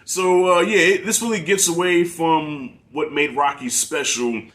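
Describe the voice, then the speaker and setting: A man chatting as a guest movie reviewer, animated and informal, often restarting his sentences. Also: a little high, unhurried. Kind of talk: casual conversational film review.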